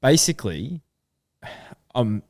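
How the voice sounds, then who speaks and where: A man's voice: mid-range voice, very animated, slow, darkish tone, no room sound, studio quality. A man with an Australian accent co-hosting a casual horse racing podcast, thinking aloud with plenty of fillers. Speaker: podcast co-host.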